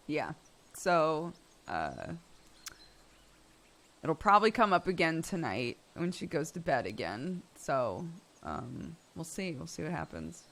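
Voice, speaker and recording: A woman in her thirties streaming from home, her bright, forceful voice swinging widely in pitch as she tells chat a story. She sounds exasperated and animated, breaking into laughter. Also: takes it slowly, gravelly, long pauses. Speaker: streamer host.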